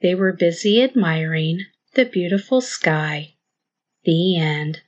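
A woman narrating a rhyming children's story as host, with a measured, sing-song delivery. Her voice sits on the low side. The recording is dry, close and a little dull. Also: animated, no room sound.

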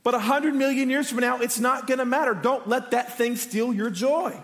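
A man's voice: very high voice, moderate pace, fairly bright tone. A male pastor preaching a sermon, earnest and rising to impassioned pleading. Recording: long hall reverb.

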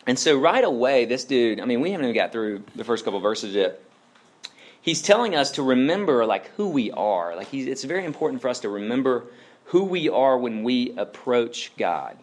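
A man's voice: mid-range voice, big pitch swings, moderate pace. A man preaching a casual, conversational sermon as a pastor, chatty and informal, with many tag questions and fillers.

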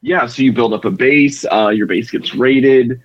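A man's voice: medium pitch, measured pace. A man calling into a podcast, casually explaining a video game at length with some filler ums, over a muffled line. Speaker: guest caller. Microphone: on a call line.

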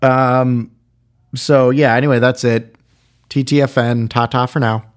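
A man with a mid-pitched, everyday voice talks through a film review off the cuff. He rambles, piles on fillers and throws in wry, irreverent jabs as he goes. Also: flat delivery, unhurried, clean tone. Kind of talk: casual spoken review.

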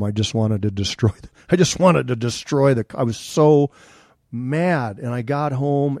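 A man's voice: mid-range voice, warm tone, no room sound, clean studio sound. A middle-aged man, an interview guest, telling a personal story in an earnest, candid and reflective way.

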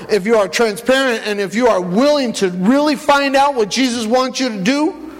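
A man preaching a sermon, animated, rising to loud peaks and dropping low. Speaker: pastor. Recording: long church hall reverb.

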